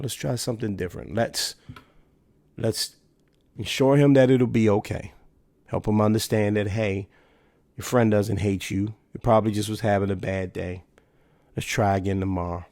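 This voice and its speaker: A man's voice: lowish voice, moderate pace, a little mellow, dry recording. A man in his thirties hosting a solo podcast, talking casually and emphatically and asking rhetorical questions. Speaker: podcast host.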